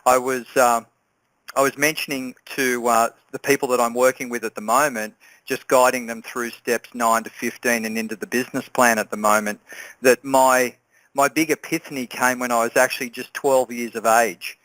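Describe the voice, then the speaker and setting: A man's voice: mid-range voice, little pitch movement, normal speed, sharp tone, no room sound, rough recording. A man from Australia with an Australian accent, speaking as a guest and telling a personal story in an earnest, reflective way.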